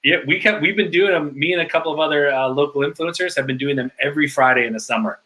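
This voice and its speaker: Bright-voiced animated male storyteller. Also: fairly high pitch, fast talker, low-quality recording. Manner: animated storyteller with many filler likes. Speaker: guest. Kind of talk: casual podcast interview storytelling.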